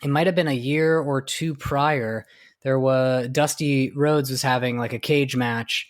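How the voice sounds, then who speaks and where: A man's voice: mid-range voice, fairly even intonation, unhurried. A man co-hosting a podcast, recounting things in a rambling casual way with lots of "like" and "you know". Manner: rambling, many fillers and restarts while recounting. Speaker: podcast co-host. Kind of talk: casual chat.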